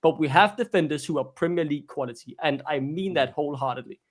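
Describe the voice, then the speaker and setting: Male fan co-host, fairly high voice, emphatic and passionate, casual chat. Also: fast talker. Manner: passionate, emphatic, repeats himself.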